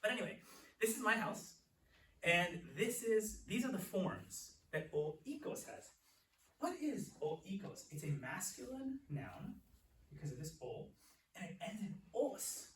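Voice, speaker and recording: A young man teaching a Greek class in a church classroom, explaining patiently and repeating words slowly. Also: high voice, big pitch swings, a bit bright. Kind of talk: classroom lecture. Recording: echoey room, distant mic, faint hiss.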